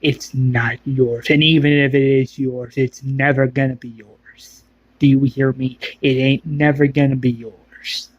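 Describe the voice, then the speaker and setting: A man's voice: mid-range voice, little pitch movement, measured pace, slightly rough, no room sound, highs cut off. A man voicing an angry, loyal male survivor who confronts his friend with swearing threats. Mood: furious.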